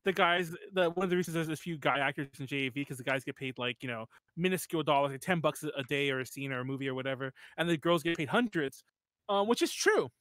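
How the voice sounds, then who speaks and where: A man co-hosting a live podcast stream in casual, animated chat, laughing and swearing as he talks. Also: fairly high pitch, quick pace, no echo. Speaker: podcast co-host.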